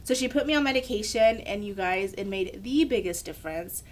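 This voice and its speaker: Animated young woman telling her story. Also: mid-range voice, fairly quick. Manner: animated storyteller acting out quoted voices. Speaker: podcast co-host. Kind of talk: candid personal story in a podcast chat.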